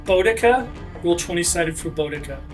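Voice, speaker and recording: A man as game master, narrating a tabletop role-playing fight with energetic delivery and shouted sound effects. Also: high voice, moderate pace, faint music behind.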